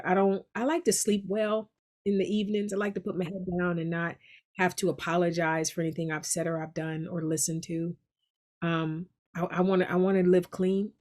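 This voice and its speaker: A middle-aged woman, an actress, chatting casually in an interview, lively and prone to laughter. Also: lowish voice, normal speed. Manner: lively and laughing, with frequent restarts. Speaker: actress guest.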